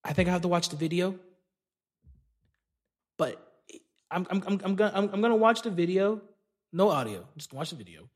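A man's voice: sits high, animated, normal speed, long pauses. A man hosting a solo comedy podcast, ranting in an indignant, profane way. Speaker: podcast host.

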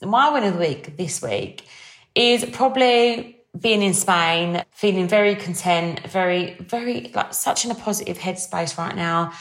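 A young woman talks to her listeners in a relaxed, gushing way, peppering her sentences with fillers. Her voice sits slightly low for a woman. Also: unhurried. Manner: chatty and bubbly, lots of fillers. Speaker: podcast host. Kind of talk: casual solo podcast chat.

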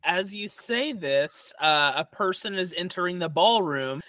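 A man narrating as dungeon master in a tabletop game, halting with many fillers and restarts. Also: sits high, lively intonation, pushed and bright, no echo.

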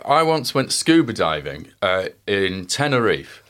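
A man co-hosting a casual podcast, telling stories in a dry, deadpan way. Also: on the low side, unhurried. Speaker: podcast co-host. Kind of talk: casual chat.

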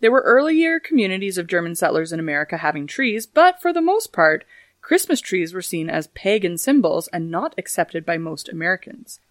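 A woman's voice: on the low side, big pitch swings, a little fast, dry recording. A woman hosting a casual history podcast, reading facts and adding dry, joking asides. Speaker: podcast host.

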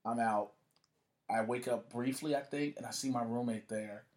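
At normal speed and medium pitch, a man shares a story as a guest in easygoing conversation. His telling is profane and animated, with acted-out voices for the people in it.

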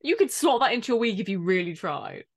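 A woman's voice: mid-range voice, very animated, fast, no echo, studio quality. A woman co-hosting a casual podcast chat, swearing freely and acting out the people she talks about. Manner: swearing, mimics people in quotes, laughs often. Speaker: podcast co-host.

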